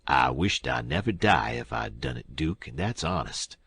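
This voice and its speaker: A man voicing a sly older male con man who drawls and answers with sarcasm, his voice husky. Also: a bass voice, sing-song, normal speed, fairly bright tone, pitched below the performer's own voice, heavily acted. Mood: pleading.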